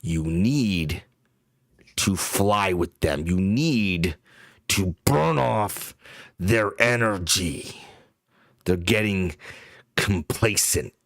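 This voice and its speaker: A man voicing a gruff male giant of stone and root who scolds in a commanding way. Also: low voice, lively intonation, drawn-out words, long pauses, dry recording, studio quality, heavily acted. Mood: scolding.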